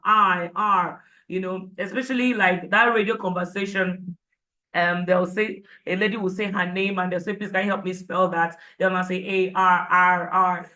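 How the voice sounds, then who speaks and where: A woman leads an exam-prep lesson in a bright, forceful voice. She drives each tip home by restating it and checking in with the class through quick rhetorical questions. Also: medium pitch, low-quality recording. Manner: repetitive, emphatic, rhetorical questions to students. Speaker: IELTS prep teacher. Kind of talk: live online class lecture.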